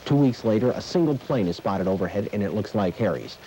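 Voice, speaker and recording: A man hosting a mock news segment, telling old jokes with a dry, measured delivery. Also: fairly low pitch, expressive, dark tone, slight background noise, low-quality recording. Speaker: comedian host.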